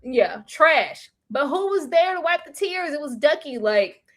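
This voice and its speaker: A woman hosting a casual livestream chat, animated and slangy, laughing often. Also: high-pitched, measured pace. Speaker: livestream host.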